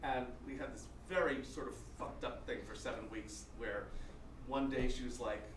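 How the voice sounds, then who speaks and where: A man's voice: medium pitch, moderate pace. A middle-aged man telling stand-up stories in a chatty, self-deprecating way, full of restarts and fillers. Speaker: guest storyteller. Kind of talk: stand-up storytelling. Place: small comedy venue. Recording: roomy hall mic, from a distance, noisy.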